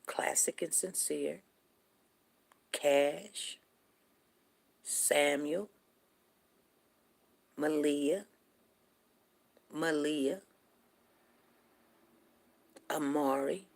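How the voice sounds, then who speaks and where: A woman hosts a show with a casual storytelling monologue, rambling through folksy tales and restarting often. Her low, gravelly voice holds a steady tone, moving very slowly with long pauses.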